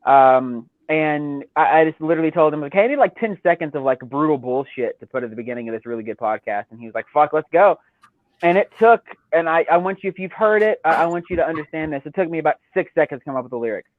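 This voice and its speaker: A man's voice: fairly high pitch, lively intonation, fast, no echo. Profane rambling man on a tinny line. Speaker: guest. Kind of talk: casual podcast chat. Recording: tinny phone-like line, dry.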